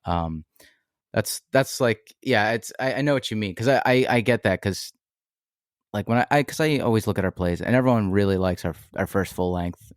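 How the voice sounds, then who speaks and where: A man, a musician guest on a casual podcast, speaking in a self-deprecating way with frequent laughs and halting restarts. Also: lowish voice, smooth, dry recording, clean studio sound. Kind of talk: casual interview chat.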